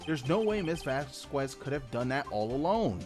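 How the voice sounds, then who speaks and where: A man's voice: medium pitch, very animated, normal speed, over music, pitched above the performer's own voice, close to an everyday voice. A man reading aloud as a young male defense lawyer laying out an accusation in a courtroom game. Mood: accusing.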